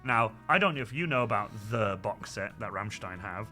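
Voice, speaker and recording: A man hosting a painting stream, a loud, animated storyteller chatting casually with a friend. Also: fairly low pitch, moderate pace, faint music behind. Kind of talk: casual chat while painting miniatures.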